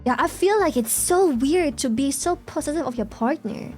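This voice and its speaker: A woman's voice: high voice, lively intonation, moderate pace, a little mellow, faint music behind. A young woman streamer chatting casually with her viewers, ranting animatedly, swearing freely and reacting to chat.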